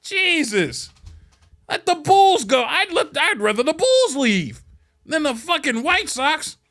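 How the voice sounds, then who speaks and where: A man from Chicago hosting a podcast, ranting in a blunt, profane, heckling way that swings between muttered asides and loud outbursts. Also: very high voice, very animated, takes it slowly. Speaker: podcast host. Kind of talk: ranting casual monologue.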